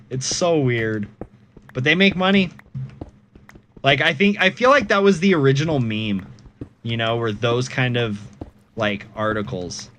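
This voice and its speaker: A man's voice: medium pitch, animated, a little slow, long pauses, fairly bright tone, slight background noise. A young man streaming a game, chatting casually in a rambling, amused, profane way. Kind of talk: casual chat while gaming.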